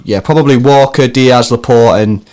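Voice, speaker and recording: A man hosting a fan phone-in show, chatting in a relaxed way. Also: medium pitch, normal speed. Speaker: host. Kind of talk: casual phone-in chat.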